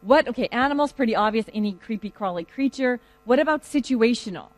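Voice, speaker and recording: A lecturer giving a conversational classroom talk and telling lively stories to students. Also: medium pitch, fairly quick, no room sound, poor audio.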